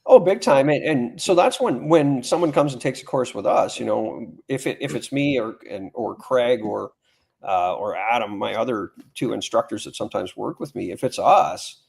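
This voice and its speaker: A middle-aged man with a gravelly, rough-edged voice and a breathy, husky grain. He talks casually and plainly, piling up quick asides and stories from his years of teaching. His pitch sits at an ordinary middle height for a man. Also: expressive. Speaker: firearms instructor guest. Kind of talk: casual podcast conversation.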